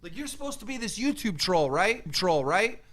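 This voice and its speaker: A man's voice: sits high, very animated, moderate pace, a bit bright. A man ranting angrily and profanely, mocking the person he answers. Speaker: YouTube commentator. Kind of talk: heated rant.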